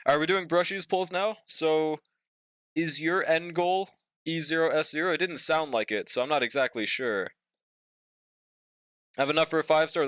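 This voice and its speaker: A relaxed man hosting a game stream, chatting with his audience in easy slang and dropping the occasional swear. His voice sits a little high and comes through smooth and clean. The recording is dry and close. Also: unhurried, dry recording. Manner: laid-back, slangy, swears, hums and scats while waiting. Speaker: streamer reading chat. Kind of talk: casual live-stream chat while playing.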